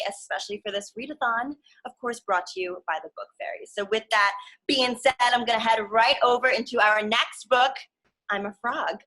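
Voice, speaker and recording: A young adult woman hosting a children's story reading, animated and speaking directly to the kids. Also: mid-range voice, low-quality recording. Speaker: sports arena host reading to children.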